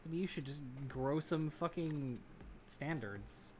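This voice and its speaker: A woman livestreaming casually while she builds a model kit, ranting and swearing, jumping from loud outbursts to low muttering. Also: lively intonation, slow pace, background noise. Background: background music.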